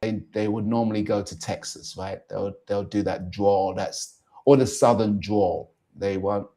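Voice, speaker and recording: A man from Jamaica chatting as a guest, halting and repeating words, laughing often. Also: fairly low pitch, steady tone, warm tone. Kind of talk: casual chat.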